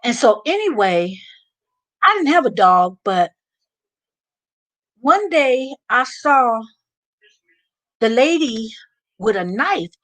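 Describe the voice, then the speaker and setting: An American woman hosting a live stream, chatting and telling stories with animated asides. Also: high-pitched. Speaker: vlog host. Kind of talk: live stream casual chat.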